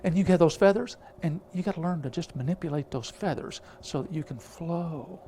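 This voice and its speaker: A man's voice: on the high side, fairly quick, hardly any pauses, a little mellow. A man preaching a storytelling sermon, rambling with many filler sounds and restarts.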